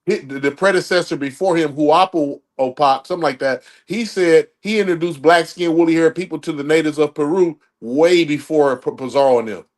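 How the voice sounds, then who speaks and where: A man's voice: on the high side, brisk, hardly any pauses. Insistent man lecturing in a debate. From United States. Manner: insistent, lecturing, talks over others. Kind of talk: debate talk.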